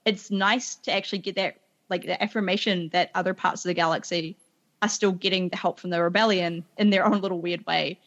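A woman's voice: lowish voice, steady tone, fairly quick, fairly bright tone, muffled recording. Enthusiastic woman chatting about films. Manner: enthusiastic, frequent "like" fillers. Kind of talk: casual film discussion.

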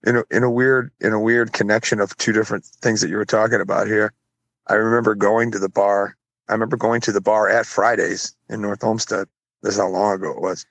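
A man co-hosting a casual podcast, telling stories with swearing and voicing other people in loud, high bursts. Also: fairly quick, gravelly, no room sound. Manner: swearing, animated, jumps high when quoting people. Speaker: podcast co-host. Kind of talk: casual chat, storytelling.

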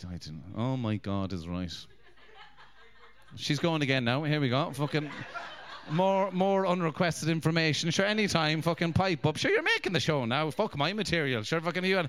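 Brash sweary comedian. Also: male voice, a little high, very animated, normal speed, fairly bright tone, slight background noise. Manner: crude, swearing, mocking banter with audience. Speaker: stand-up comedian. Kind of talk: live stand-up crowd work.

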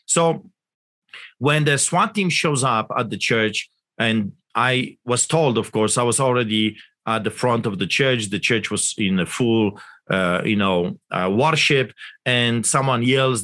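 Male pastor, impassioned interviewee; forceful, bright delivery, indignant and rhetorical. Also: medium pitch. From Canada. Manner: fervent, indignant, rhetorical questions.

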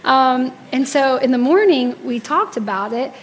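A woman's voice: high-pitched, lively intonation, measured pace, slight background noise. A woman in her thirties preaching a sermon to a congregation, telling personal stories and acting out the quotes with animation. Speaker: speaker at church service.

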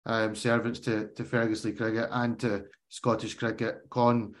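A man's voice: on the low side, completely flat delivery, moderate pace. A man interviewing a former teammate, asking friendly questions in casual chat.

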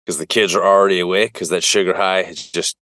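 A man's voice: sits low, fairly even intonation, fast talker, fairly bright tone, no echo, studio quality. A man co-hosting a podcast in casual chat, teasing his partner and often repeating words as he talks. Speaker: podcast co-host.

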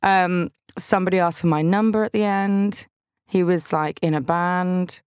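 A woman's voice: on the low side, steady tone, measured pace, a little mellow, clean tone, no echo, clean studio sound. A young woman hosting a podcast, telling funny stories about her week in a bubbly, self-deprecating way. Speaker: podcast host. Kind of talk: chatty comic monologue.

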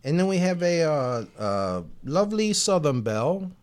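A man in a relaxed podcast chat, reading out listener names with a slow, playful drawl. His pitch sits a touch high and swings widely as he teases his co-host. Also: clear, resonant tone. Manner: playful, teasing, drawn-out name shout-outs. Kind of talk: casual chat.

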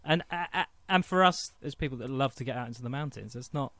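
A man's voice: mid-range voice, fast talker. A man hosting a podcast in casual chat, teasing his co-hosts. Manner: teasing, animated. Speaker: podcast host.

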